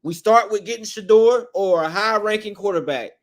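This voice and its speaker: A man, his voice a little hoarse, hosting a sports podcast with a blunt, frustrated fan rant. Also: sits high, moderate pace. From Tennessee, USA. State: slightly hoarse.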